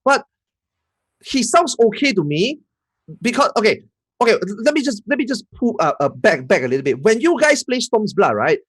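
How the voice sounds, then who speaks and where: A man, a guest on a gaming podcast, explaining things in a lively way with repeated words. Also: high-pitched, moderate pace, husky, no room sound. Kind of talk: casual gaming podcast chat.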